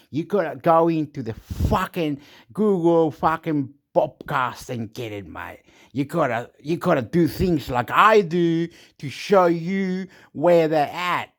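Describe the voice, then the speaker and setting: A man in a rambling rant, his voice sitting a little high and leaping about wildly. He drops into low mutters, then bursts into loud, swearing outbursts. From Australia. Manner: swings between muttering and shouting, swears a lot. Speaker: vlogger reacting to clips.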